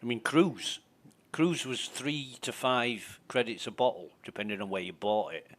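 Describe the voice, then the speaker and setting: A man's voice: medium pitch, moderate pace, a bit bright. A man commentating casually on his gameplay, thinking aloud, muttering and swearing. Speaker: game streamer.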